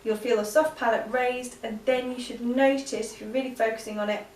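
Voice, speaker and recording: A woman's voice: fairly high pitch, brisk, a little hiss or hum. Chatty woman teaching singing. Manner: relaxed, chatty, many ums. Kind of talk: vocal exercise lesson. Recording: echoey room, voice a bit far from mic.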